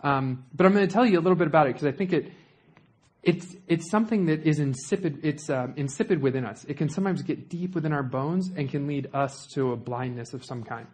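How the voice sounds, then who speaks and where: A man's voice: on the high side, fairly quick, darkish tone. A young man preaching a sermon in a conversational way, with joking asides to the congregation.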